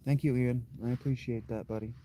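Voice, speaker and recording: A man hosting a livestream, chatting casually with viewers' comments in an unhurried, blunt way, thinking aloud with fillers and restarts. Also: medium pitch, steady tone, warm tone, slight background noise. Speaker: livestream host.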